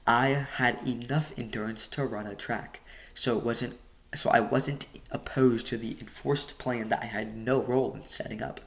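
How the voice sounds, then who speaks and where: Relaxed man reading a novel. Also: mid-range voice, moderate pace. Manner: relaxed, with stumbles and joking asides. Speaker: audiobook reader.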